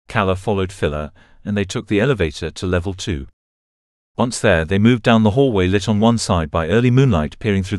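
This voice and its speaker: A man reading a novel aloud as a narrator, in a steady, even way. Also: low voice, brisk, dry recording, clean studio sound. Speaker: audiobook narrator. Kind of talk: scripted narration.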